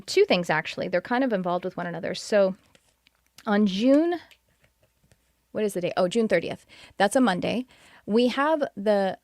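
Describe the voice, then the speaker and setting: A woman's voice: mid-range voice, no echo, clean studio sound. A middle-aged woman from Texas, hosting a live podcast in an enthusiastic, chatty way with many restarts. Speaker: podcast host and spiritual teacher. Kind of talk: casual live-stream chat.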